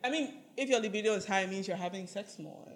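A woman's voice: mid-range voice, fast. A woman co-hosting a podcast, musing and explaining in casual chat. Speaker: co-host.

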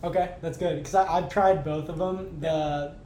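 Higher-voiced male podcast host, echoey room. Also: normal speed. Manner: animated storyteller, laughs often, casual swearing. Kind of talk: casual chat. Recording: echoey room with faint rumble.

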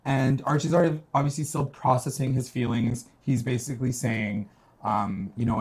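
Breathy woman co-host, chatty, acts out the quotes as she tells it. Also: extremely low pitch, normal speed. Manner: animated storytelling, acts out quotes in shifting voices. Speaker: podcast co-host recapping a TV episode. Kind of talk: casual chat.

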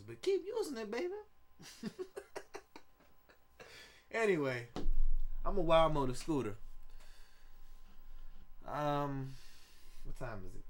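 A man's voice: mid-range voice, a bit bright, a little hiss or hum. A man hosting a solo podcast in rambling, jokey casual chat, laughing often and tripping over repeated words. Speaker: podcast host.

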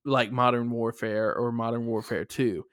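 A young man, co-hosting a casual podcast chat, an animated storyteller who laughs often and acts out quotes. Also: mid-range voice, moderate pace, no room sound, studio quality. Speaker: podcast co-host.

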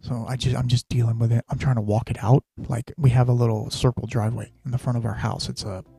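A man's voice: medium pitch, flat delivery, fast, gravelly, dark tone, husky. A man hosting a podcast, telling a personal story in a rambling, casual way, full of fillers and restarts. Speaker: podcast host.

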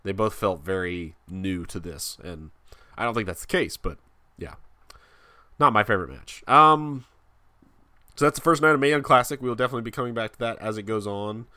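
A man hosting a casual wrestling podcast, rambling and halting with frequent restarts. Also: fairly low pitch, sharp tone, dry recording. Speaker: podcast host.

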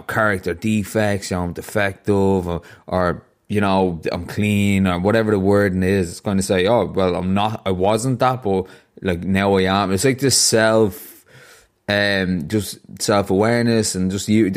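A man's voice: sits low, steady tone, moderate pace. A man with an Irish accent hosting a podcast, chatting casually and rambling through stories with lots of fillers. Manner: rambling, storytelling, many fillers. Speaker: podcast host. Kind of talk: casual interview chat.

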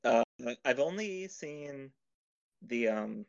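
A podcast co-host jokes at his own expense in casual chat and laughs often. His mid-range voice is animated, creaky yet smooth, and he takes his time. The recording is dull and lo-fi.

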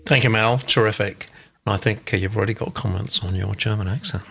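A man hosting an online event, briskly reading out viewer comments, with frequent ums and uhs. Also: lowish voice, steady tone, gravelly, fairly bright tone, faint music behind. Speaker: host, literary agent.

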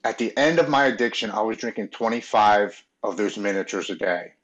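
A man from Maryland, a podcast guest, telling his own recovery story in an earnest, halting, emotional way. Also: lowish voice, a bit bright. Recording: dull, muffled audio.

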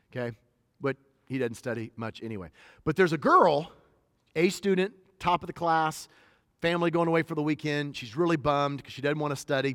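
A man's voice: fairly high pitch, no room sound, studio quality, in a large hall. A middle-aged man preaching a sermon as a pastor, switching between conversational storytelling and emphatic points.

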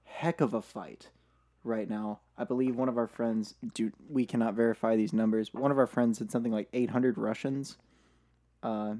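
A man's voice: fairly low pitch, fairly even intonation, normal speed, mellow. A young man hosting a podcast in casual chat, rambling with fillers and repeated words. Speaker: podcast host.

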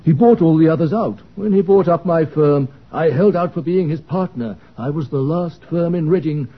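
An actor playing a smug, terse undertaker's partner. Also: male voice, fairly high pitch, moderate pace, husky, lo-fi sound.

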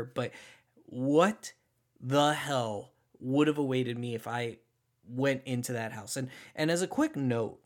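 A man, a former social worker, telling a personal story casually, animated and emphatic, often restarting sentences. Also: mid-range voice, slow.

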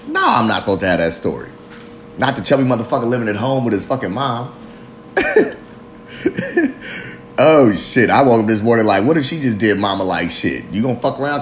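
A man's voice: on the low side, slight background noise. Rambling, profane man in his thirties. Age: 30s. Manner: rambling, profane, self-mocking, laughs often. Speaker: podcast host. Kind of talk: confessional solo monologue. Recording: roomy echo.

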